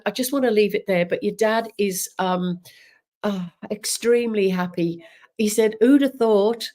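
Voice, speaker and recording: Gentle halting woman medium. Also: medium pitch. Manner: halting, many ums and restarts, gentle reassuring. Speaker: psychic medium. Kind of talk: live spiritual reading, unscripted.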